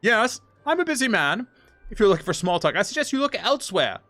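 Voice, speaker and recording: Man putting on a curt self-important trader, raised pitch, bright tone. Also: sing-song, a little fast, soft background music, full character voice. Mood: haughty. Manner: brusque, haughty.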